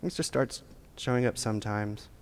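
A man's voice: mid-range voice, normal speed. A man preaching a sermon as a pastor, with a casual, joking, conversational delivery. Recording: long hall reverb.

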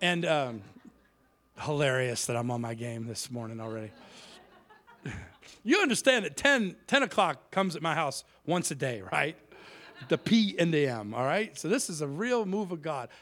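A man's voice: fairly high pitch, lively intonation, moderate pace, a bit bright. A man preaching as a guest speaker in a church, telling a story in a joking, self-mocking way. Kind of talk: humorous sermon storytelling.

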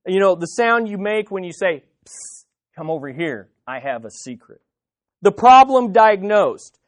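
A man's voice: high voice, no echo. A man preaching an earnest, conversational sermon as pastor, often repeating words as he goes.

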